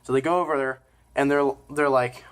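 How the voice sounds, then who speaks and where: A man's voice: medium pitch, fairly even intonation, brisk. Rambling man reviewing a movie. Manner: rambling, with many fillers and self-corrections; informal and offhand.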